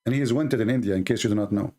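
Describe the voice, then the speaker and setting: A man's voice: on the low side, very fast, warm tone. A man hosting his channel, ranting at viewers in a combative, sarcastic and insulting way. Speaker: channel host. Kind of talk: angry rant to viewers.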